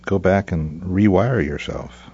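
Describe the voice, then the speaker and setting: Brief: very low, gravelly man asking interview questions, dull audio with faint music under. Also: slow pace, dark tone.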